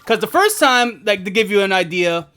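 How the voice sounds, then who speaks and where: A man's voice: sits high, expressive, normal speed, bright, forceful tone, clear, resonant tone. A young man streaming a video game, chatting casually in a rambling, profane way and laughing often. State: asthmatic. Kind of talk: casual gaming stream chat.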